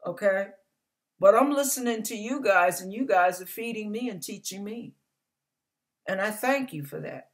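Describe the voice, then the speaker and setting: A woman's voice: medium pitch, expressive, normal speed. An older woman pastor giving an online church sermon, earnest and conversational, building to emphatic repetition.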